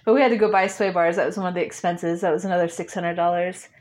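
A woman's voice: fairly low pitch, steady tone, quick pace, darkish tone. A woman guest in an interview, telling a story casually, laughing often and acting out bits of dialogue.

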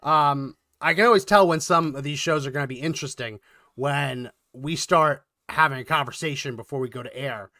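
A man co-hosting a political commentary podcast, talking in a quick, animated way and getting worked up. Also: on the high side, dry recording, clean studio sound. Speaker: podcast co-host.

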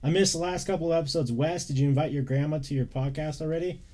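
A man's voice: on the high side, fast talker, mellow. A man hosting a podcast, chatting casually and joking loosely with plenty of fillers. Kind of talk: casual chat reacting to images.

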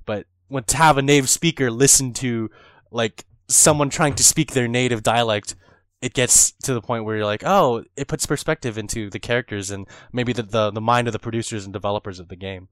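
A man in casual chat about a video game, animated and excitable, telling stories and laughing often. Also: mid-range voice, fairly quick, dry recording, studio quality. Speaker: co-host discussing a video game.

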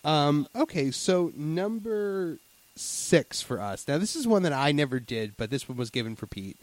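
A man's voice: on the high side, big pitch swings, normal speed, dry recording. Chatty man with filler-heavy rambling. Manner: rambling, many fillers and restarts. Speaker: podcast co-host. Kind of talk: casual chat.

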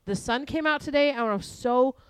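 A woman's voice: sits high, normal speed, smooth, dry recording, studio quality. A woman co-hosting a crude casual chat podcast, blunt and teasing, laughing often. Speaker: podcast co-host. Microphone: home microphone on a stand.

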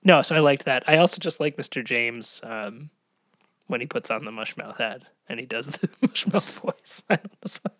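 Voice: medium pitch, animated, moderate pace, fairly bright tone, no echo, clean studio sound. A podcast co-host in casual chat, talking chattily and laughing often.

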